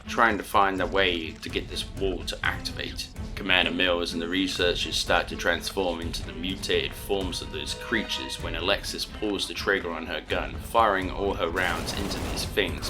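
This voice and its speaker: A man with a deep, low voice narrates a fan audiobook, telling the story steadily and earnestly while clear music plays behind him the whole time.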